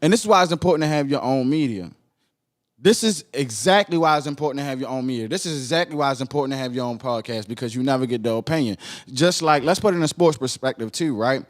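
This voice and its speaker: A man with a Baltimore accent hosting a podcast, reacting to a video in animated casual commentary, repeating himself and asking "right?". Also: mid-range voice, fast talker. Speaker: podcast host.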